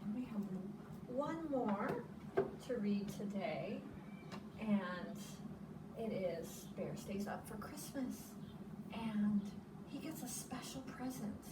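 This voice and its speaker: A woman's voice: medium pitch, lively intonation, takes it slowly, pauses often. A woman preschool teacher reading a picture book aloud to children, explaining words as she goes. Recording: echoey room, from a distance, noisy.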